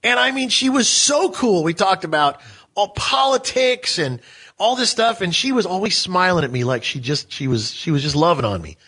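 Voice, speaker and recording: A man with a fairly high, bright, husky voice tells a story in a casual talk show, swinging his pitch up and down as he acts out the people in it. His delivery is animated and chatty. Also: moderate pace. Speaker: co-host.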